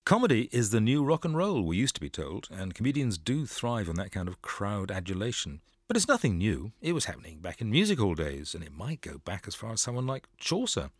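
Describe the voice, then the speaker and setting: A man presenting a scripted radio programme, his low voice full of lively ups and downs as he delivers dry, wry jokes. The sound is close and dead, with no room at all. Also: brisk, hardly any pauses, dry recording.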